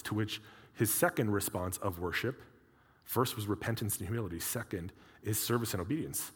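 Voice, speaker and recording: A man's voice: lowish voice, animated, moderate pace, breathy edge. A man preaching a sermon in a conversational way, with humorous personal asides, in a church. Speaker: pastor. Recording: long hall reverb.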